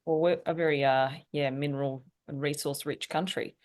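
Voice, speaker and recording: A woman's voice: low-pitched, fairly even intonation, normal speed, darkish tone. A woman co-hosting a podcast, dropping in short questions and agreements in casual talk. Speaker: podcast co-host. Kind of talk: casual conversation.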